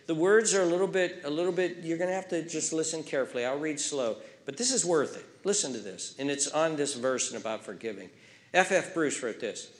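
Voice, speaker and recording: A pastor with a medium-pitched voice preaches a sermon in church. He repeats key words for emphasis and swings between loud, urgent phrases and hushed ones.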